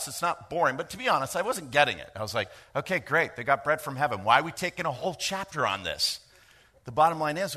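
Male pastor, middle-aged, animated sermon delivery, joking asides, sharp bright tone. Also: medium pitch. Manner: lively, joking preacher with quick asides.

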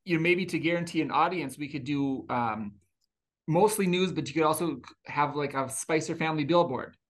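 Halting man co-host with dry humor. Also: fairly high pitch. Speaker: podcast co-host. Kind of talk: casual chat.

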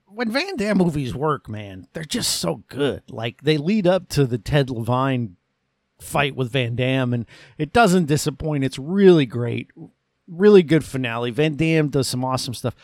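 A man's voice: mid-range voice, lively intonation, unhurried, dry recording. Enthusiastic man reviewing a movie, dry sound. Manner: enthusiastic, rambling with fillers. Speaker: podcast host. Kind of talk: casual movie review monologue.

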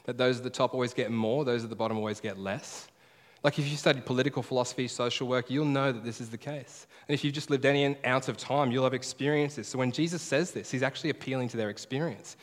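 Guy preaching in a church, hits the big lines slow and heavy, lots of hall echo. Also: medium pitch. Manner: emphatic, repeats key phrases slowly. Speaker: pastor. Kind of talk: sermon. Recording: preaching in a large reverberant hall.

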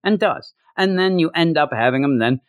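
Animated man chatting about comics. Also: on the high side, no echo. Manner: animated, jokey, acts out characters in quick voices. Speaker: comic book reviewer. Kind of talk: casual solo review chat.

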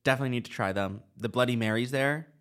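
A man's voice: medium pitch, fast. A man co-hosting a podcast, telling a story in casual chat with lots of fillers. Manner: animated storytelling with many fillers. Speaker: podcast co-host.

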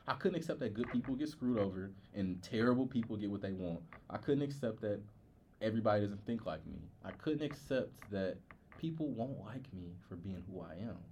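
A young man with a lowish voice talks candidly on a podcast. He tells his own story casually, halting now and then and leaning on filler words, with a faint hiss of noise behind him. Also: dark tone. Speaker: podcast co-host.

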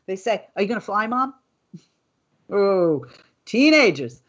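A woman hosting a news podcast with a slightly breathy, airy voice. She talks in an animated, indignant way, reading quotes aloud and then going off script to argue her point. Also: medium pitch, slow pace, lo-fi sound. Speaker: host.

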